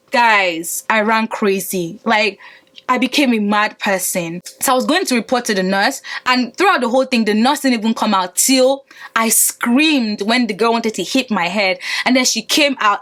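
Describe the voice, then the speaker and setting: A young woman vlogger telling a dramatic storytime to her viewers, emphatic and animated, calling out to them as guys. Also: fairly high pitch. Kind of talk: storytime vlog.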